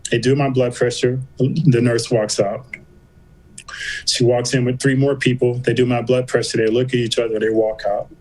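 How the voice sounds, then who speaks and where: A man's voice: mid-range voice, flat delivery, normal speed, darkish tone, poor audio. A man, a podcast guest, telling a personal story in casual talk and acting out the voices of people he quotes.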